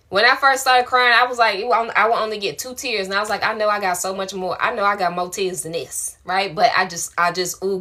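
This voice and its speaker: Woman, spiritual coach, bright voice, warm slangy encouragement on a live stream. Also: mid-range voice. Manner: affectionate, colloquial, encouraging. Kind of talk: live-stream answering viewer questions.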